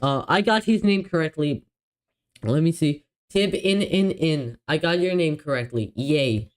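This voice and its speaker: A man hosting a live stream in casual chat, excitable and apologetic, often stumbling over his words and laughing. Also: on the high side, unhurried, rough recording. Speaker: livestream host.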